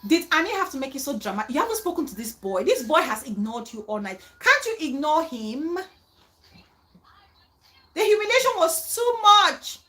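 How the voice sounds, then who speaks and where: A woman hosting a casual, animated reaction chat about a reality show, acting out other people's words. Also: high voice, fairly quick, few pauses, rough recording. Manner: animated, dramatic, quotes others in mock voices.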